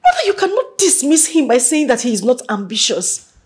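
Woman doing impassioned young Nigerian daughter, pleading, husky, high, very lively pitch. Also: fairly quick. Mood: arguing. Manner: emotional, pleading. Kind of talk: Nollywood drama acting.

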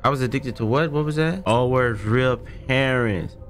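A man hosting a gaming video, giving casual, slangy let's-play commentary and yelling in fright. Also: mid-range voice, normal speed, slight background noise. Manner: excitable, yells in fright, slangy.

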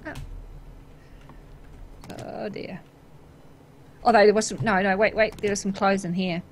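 A woman playing a survival game with a friend, playful and excitable, laughing often. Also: medium pitch, measured pace, slight background noise. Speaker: co-player. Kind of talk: casual gaming chat.

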